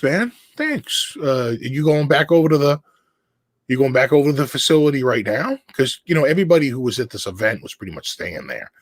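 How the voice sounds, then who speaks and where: A man chatting as a guest on a video call, telling an animated anecdote and acting out the voices in it. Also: medium pitch, no echo. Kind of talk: casual storytelling chat.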